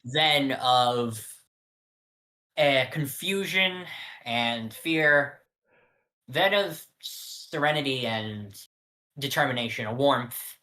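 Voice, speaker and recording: Bright-voiced tabletop player. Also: medium pitch, animated, drawn-out words, pauses often. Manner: loose, with fillers and laughs.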